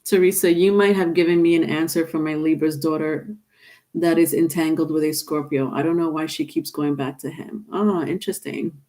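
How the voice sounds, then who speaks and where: A woman's voice: sits low, steady tone, moderate pace, warm tone. A woman doing a live-stream tarot reading, chatting casually and reading viewer comments aloud. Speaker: tarot reader.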